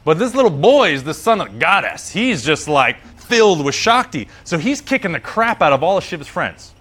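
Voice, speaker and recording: Animated, slangy male yoga teacher. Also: fairly high pitch, normal speed, husky. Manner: slangy, animated, acts out characters. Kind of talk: casual storytelling lesson.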